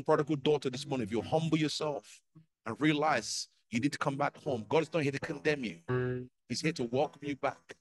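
Male pastor leading a church altar call, urgent and repetitive, mid-pitched voice. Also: low-quality recording.

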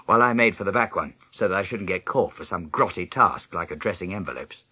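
A man narrates a children's story in the first person, his low voice swinging widely in pitch as he tells it. The tone is bright and slightly breathy. The recording is close and dry, with no room sound. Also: a little fast, dry recording. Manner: lively storytelling, jumping high in pitch for other characters' lines. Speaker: audiobook narrator.

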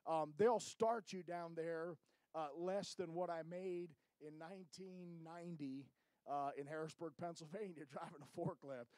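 Middle-aged man, high tenor, folksy missionary report in church, dry close sound. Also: fairly even intonation, measured pace, mellow, dry recording, rough recording. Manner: folksy, keeps tagging lines with "amen?".

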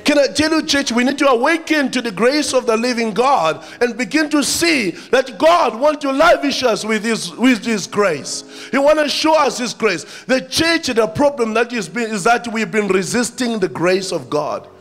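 A man pastor with a South African accent, preaching an impassioned sermon that rises to shouts. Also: extremely high pitch, expressive, normal speed, hardly any pauses, faint music behind.

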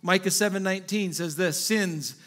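A man with a high-pitched voice preaching an impassioned sermon. He swings from loud rhetorical questions to soft, hushed asides, repeating phrases and restarting sentences as he goes. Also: moderate pace. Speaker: pastor.

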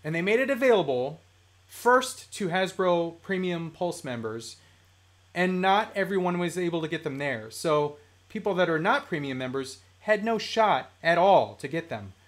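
Animated, high-voiced man ranting casually. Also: moderate pace. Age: adult, works a day job. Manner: animated, ranting, reads chat comments aloud. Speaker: toy collecting livestream host. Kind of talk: casual livestream chat.

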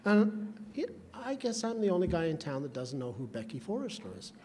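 At a charity roast, a man with a high, sing-song, darkish voice tells rambling, folksy comic stories fairly quickly while teasing the guest of honor. The recording has long hall reverb and faint room noise.

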